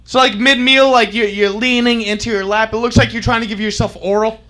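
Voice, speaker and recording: A man's voice: high voice, fairly even intonation, brisk, sharp tone. A man doing a stand-up comedy bit, laughing through his own jokes.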